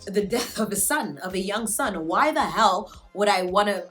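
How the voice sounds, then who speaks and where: A woman's voice: animated, normal speed, a bit bright, soft background music, natural voice. A woman voicing an outraged young queen who exclaims in disbelief. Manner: shrill, exclaiming.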